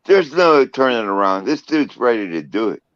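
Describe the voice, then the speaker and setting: A man's voice: medium pitch, big pitch swings, normal speed, no room sound, muffled recording. A man speaking earnestly on a livestream panel, flustered and pleading, with many ums and uhs.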